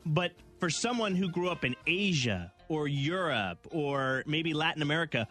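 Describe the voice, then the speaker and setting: A man's voice: fairly high pitch, expressive, moderate pace, a bit bright, soft background music. A man hosting a morning radio show, bantering and reading out a countdown list. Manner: playful, reads out lists. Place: radio studio.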